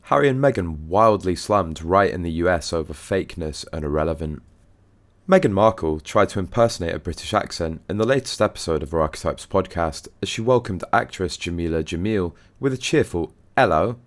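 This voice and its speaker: A man with a very low voice reads a scripted news segment. His delivery is steady and formal, like a read-aloud bulletin. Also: brisk. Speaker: news narrator.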